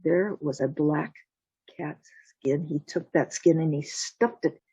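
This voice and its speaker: A woman storyteller telling a folktale slowly and deliberately, voicing the sound effects herself over a video call. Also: sits low, warm tone, husky, no room sound. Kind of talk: told folktale. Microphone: video call mic. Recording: dull lo-fi call audio.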